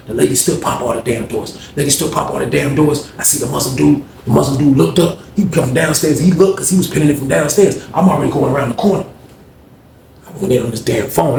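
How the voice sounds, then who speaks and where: A man telling a story in a casual, animated, slangy and profane way, acting out scenes. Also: fairly high pitch, gravelly, echoey room, slight background noise.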